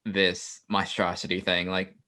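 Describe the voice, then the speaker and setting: A man's voice: low voice, flat delivery, unhurried, sharp tone. A man playing a tabletop role-playing game, describing his character's actions in a hesitant way, with many fillers. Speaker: player. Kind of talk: casual tabletop play.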